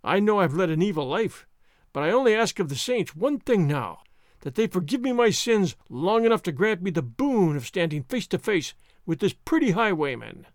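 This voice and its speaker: A man's voice: very animated, moderate pace, no room sound, studio quality. A man acting a roaring, boastful army sergeant. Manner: roaring, booming bluster. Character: blustering big male army sergeant, boastful and hot-tempered.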